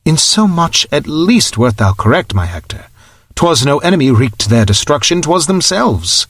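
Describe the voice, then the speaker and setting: A soft-spoken woman using archaic, old-fashioned turns of speech, as a male narrator puts her on. The voice sits higher than his own, with a close, dry sound. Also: very animated, moderate pace, husky, dry recording, exaggerated voice. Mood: hushed.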